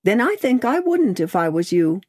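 Woman doing an older male bank clerk, fussy and mild, precise, swooping pitch, audiobook voice. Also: big pitch swings, moderate pace, darkish tone. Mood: polite, firm. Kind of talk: audiobook character voice.

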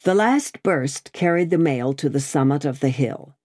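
A woman narrating an audiobook in a steady, measured reading voice. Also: deep voice, dry recording, studio quality.

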